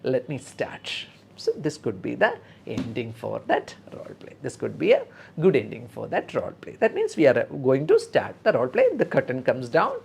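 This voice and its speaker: A woman's voice: a bass voice, huge pitch swings, brisk, vocal fry, darkish tone, a little hiss or hum. A woman with a Kerala Indian English accent teaching an OET speaking lesson live, rehearsing nurse role-play lines again and again and encouraging her dear students.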